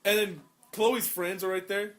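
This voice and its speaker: Animated young man telling crude stories. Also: high voice, measured pace. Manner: crude, animated storyteller acting out classmates' lines. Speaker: podcast co-host. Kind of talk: casual chat, storytelling.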